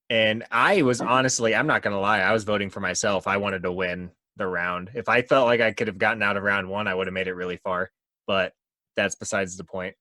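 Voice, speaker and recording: A young man recounts events in a lively way, voicing the people he quotes. His voice sits low but sounds bright and forward. The recording is dry and close. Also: no echo. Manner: animated storyteller acting out quoted texts. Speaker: guest. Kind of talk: casual storytelling chat.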